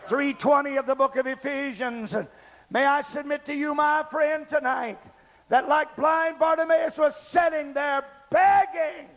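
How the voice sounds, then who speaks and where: A male preacher giving a fiery revival sermon in a church service, shouting and then dropping to low, quiet passages. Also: normal speed, long reverb tail. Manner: shouting, dramatic swings from loud cries to low quiet passages.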